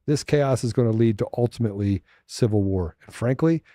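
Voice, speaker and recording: Dark-voiced man ranting as show host. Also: mid-range voice, brisk, no echo, studio quality. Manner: ranting, mocking asides. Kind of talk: political commentary show.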